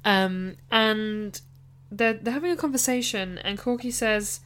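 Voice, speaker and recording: A woman co-hosting a podcast, chatting casually about a film, animated and quick to laugh. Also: on the high side. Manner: animated, laughs often, tries voices. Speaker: podcast co-host. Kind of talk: casual film-review chat.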